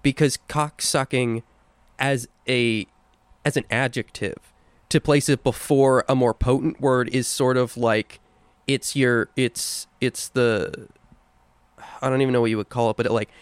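A young man in casual podcast chat, with a smooth, resonant voice that sits in a middle pitch. He is playful and relishes each word he says. The sound is close and dry. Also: fairly even intonation, dry recording. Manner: playful, savoring words, quick to laugh. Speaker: podcast co-host.

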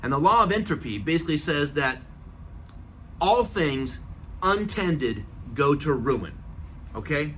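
Man, middle-aged, podcast host, motivational talk, earnest, emphatic, repeats phrases, somewhat high voice, faint background noise. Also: sing-song, measured pace, pauses often, fairly bright tone.

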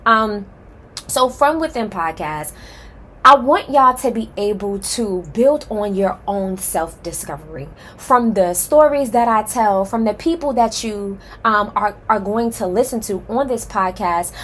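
A podcast host gives a heartfelt, emphatic solo introduction to her own show, addressing listeners directly as "y'all" with passion while sounding nervous and excited. Her mid-range voice has lively intonation and a fairly bright tone, runs a little slow, and carries slight background noise.

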